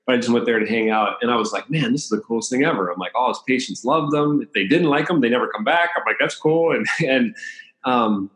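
A man's voice: mid-range voice, quick pace, fairly bright tone. Chatty man telling stories in a roomy space. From Washington, D.C. area. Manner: chatty, anecdotal, laughs between stories. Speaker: chiropractor. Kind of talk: casual storytelling interview. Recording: roomy echo.

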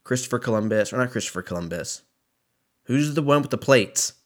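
A man's voice: medium pitch, animated, brisk. Rambling, profane young man. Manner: profane, rambling, self-mocking. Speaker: podcast host. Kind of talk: casual solo podcast rant.

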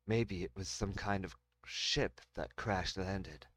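A man voicing a weary, skeptical man who speaks slowly and hesitantly. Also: low voice, fairly bright tone, dry recording, heavily acted. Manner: slow and hesitant.

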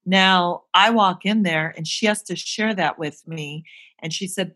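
An actress being interviewed, telling a personal story candidly and earnestly, with emotion. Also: female voice, lowish voice, measured pace, sharp tone. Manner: earnest, emotional, acts out quoted voices. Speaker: guest, actress.

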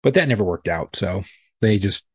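A man's voice: lowish voice, lively intonation, moderate pace, a little mellow, slightly rough, no room sound, studio quality. A man co-hosting a podcast, telling stories in casual chat with heated, profane talk. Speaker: podcast co-host.

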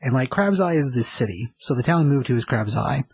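A man's voice: medium pitch, animated, fairly quick, a little mellow, husky, no room sound, poor audio. A man casually retelling a TV episode, rambling with lots of fillers. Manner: rambling, filler-heavy, conversational. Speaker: show recapper.

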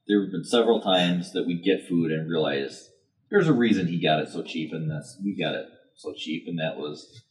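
A man's voice: sits low, moderate pace. A man telling a rambling story on a podcast, hesitant and full of fillers. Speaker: podcast co-host. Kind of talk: casual chat.

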